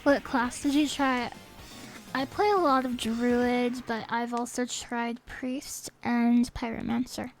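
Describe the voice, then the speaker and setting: High-voiced, playful woman streamer. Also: steady tone, slow, rough recording. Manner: rambling, playful. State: a little sniffly. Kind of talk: casual game stream chat. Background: faint game music.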